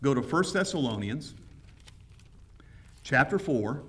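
A man's voice: medium pitch, lively intonation, slow pace, breathy edge, distant mic. A man preaching a sermon as pastor, enthusiastic and conversational, with frequent restarts. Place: church sanctuary.

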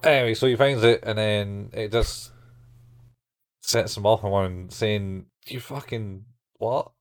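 Low-voiced laid-back man. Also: unhurried, smooth, no echo, clean studio sound. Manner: laid-back, swears casually, acts out characters' lines. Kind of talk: casual chat recapping a show.

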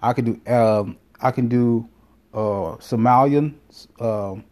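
A man's voice: mid-range voice, slow, a little mellow. A man telling a casual, rambling story full of swearing and self-corrections. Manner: rambling, profane, self-interrupting. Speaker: vlogger.

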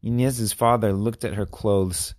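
A man reading short children's stories aloud with clear, expressive storytelling. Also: lowish voice, unhurried. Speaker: narrator.

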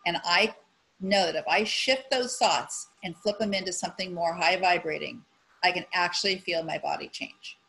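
A woman's voice: on the low side, normal speed, creaky, a bit bright, low-quality recording. A woman on a podcast talking frankly and animatedly, swearing casually and acting out her own inner voice. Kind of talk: casual chat.

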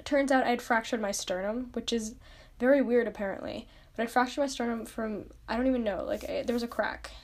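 Young female podcast host, chatty storyteller, pitched a bit high, heavy on "like". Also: brisk. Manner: chatty, lots of "like", self-mocking. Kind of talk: casual storytelling monologue.

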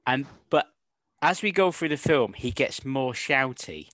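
Man, film podcast co-host, conversational, middle pitch, dry sound. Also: expressive, measured pace, a bit bright, no room sound. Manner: conversational, seeks agreement with tag questions. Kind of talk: casual film discussion.

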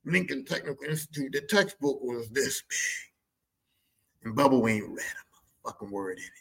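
Animated husky man telling a profane story. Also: mid-range voice, moderate pace, low-quality recording. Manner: profane, animated, mimics voices mid-story. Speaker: podcast host. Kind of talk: casual storytelling monologue.

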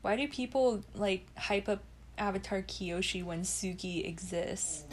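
A woman's voice: mid-range voice, a little slow. A young woman co-hosting a podcast in casual chat. She talks about a show, laughs often and acts out the characters' lines. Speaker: podcast co-host.

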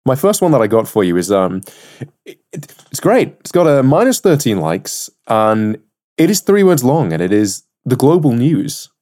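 A man's voice: medium pitch, moderate pace. English guy on a podcast, swearing and joking, voice swinging all over the place. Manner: joking, swears freely, animated. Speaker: podcast co-host. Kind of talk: casual podcast chat.

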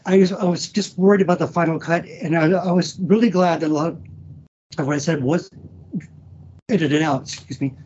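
A man talking as a podcast guest about an old friend, halting with restarts, emotional and swearing freely. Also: high voice, a little mellow, breathy edge, muffled recording. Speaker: guest, former wrestler. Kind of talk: casual podcast interview.

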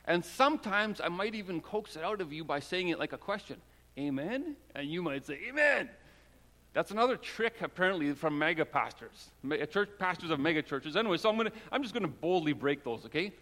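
High-voiced pastor in a reverberant church. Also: male voice, animated, fast, few pauses. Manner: conversational and joking, with prayers spoken low and soft. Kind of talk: sermon. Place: church sanctuary. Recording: long hall reverb.

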